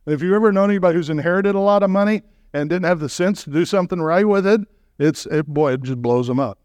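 A man preaching as a guest speaker, animated and emphatic, with joking asides to the congregation. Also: high-pitched, fast, dry recording. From Southern California. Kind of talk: sermon.

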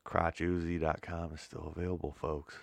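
A man's voice: low voice, level tone, normal speed, creaky, dry recording, clean studio sound. A man co-hosting a casual podcast, joking crudely, swearing a lot and laughing often. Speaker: podcast co-host. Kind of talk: casual chat.

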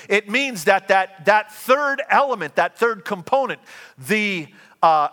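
A man preaching a sermon as pastor, earnest and given to quick restarts. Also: high voice, sharp tone, long reverb tail.

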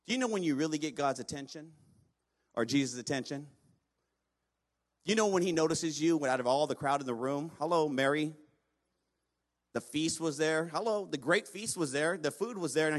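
A man preaching a sermon in a fairly high voice. He is a pastor, reading scripture aloud and then speaking straight to his congregation, calling on them to respond. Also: brisk.

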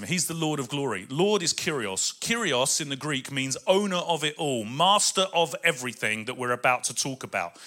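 A man preaching a sermon with excitable emphasis, then dropping quieter to read scripture. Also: mid-range voice. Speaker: pastor.

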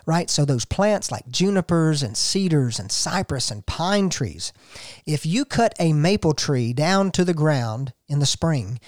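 A man's voice: fairly high pitch, no echo, clean studio sound. A man hosting a gardening show, talking folksy and casual and telling a story to listeners he calls folks.

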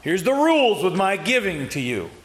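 A man's voice: sits high, big pitch swings, normal speed. A man teaching an adult Sunday school class, reading scripture and talking it through plainly with questions to the class. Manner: reads scripture aloud, then talks it through plainly, asking the class questions. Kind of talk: Bible lesson.

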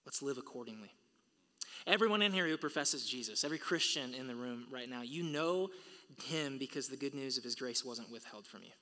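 A man's voice: medium pitch, animated, fairly quick, bright, forceful tone. A male pastor preaching a sermon to his congregation, building to emphatic peaks. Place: church sanctuary. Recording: long reverb of a large hall.

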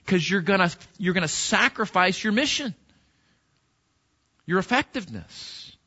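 A male pastor delivers a sermon in a conversational way, asking his listeners rhetorical questions. His voice sits high and sounds bright and forceful. The recording is dull and lo-fi. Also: expressive, normal speed.

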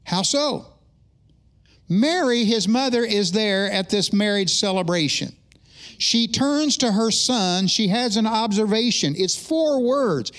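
A middle-aged male pastor with a notably high-pitched voice delivers a sermon in a church service. He speaks in an animated, conversational way, mixing earnest teaching with self-deprecating humorous asides. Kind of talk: sermon with opening prayer. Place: church sanctuary during a service.

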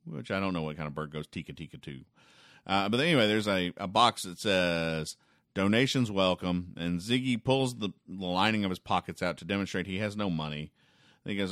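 A man hosting a podcast where he reads comic strips aloud and comments on them, with deadpan, wry asides and frequent ums. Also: low voice, brisk, no echo, clean studio sound. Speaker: podcast host.

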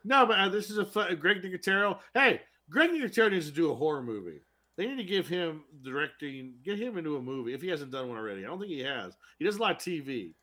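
A man co-hosting a relaxed podcast conversation, his voice bright and forward. He talks in an animated way and laughs easily while recounting scenes. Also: fairly high pitch, a little fast. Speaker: podcast co-host. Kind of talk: casual chat.

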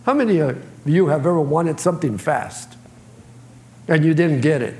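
In the echoey hall of a church sanctuary, a male pastor delivers a sermon in everyday language, performing different voices. He speaks at a normal speed in a fairly high, slightly mellow voice.

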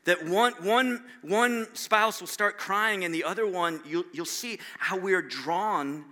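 High, bright-voiced male pastor preaching. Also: a little slow. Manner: conversational, self-deprecating, with frequent restarts. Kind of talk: sermon.

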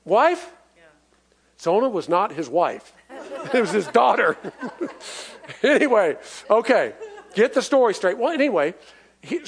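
A male preacher with a high-pitched voice delivers a sermon in a folksy, emphatic style. He draws the congregation into call-and-response and chuckles between his points. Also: slightly rough.

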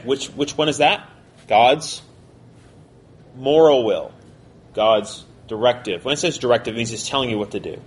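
Man, bible class teacher, conversational, asks questions, medium pitch, faint noise behind.

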